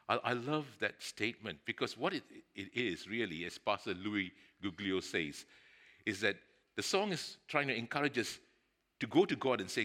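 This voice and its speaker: Guy preaching, earnest, bright forceful voice, mid pitch, gets loud on the big points. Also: animated, moderate pace. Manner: earnest, rising to emphatic bursts. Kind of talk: sermon.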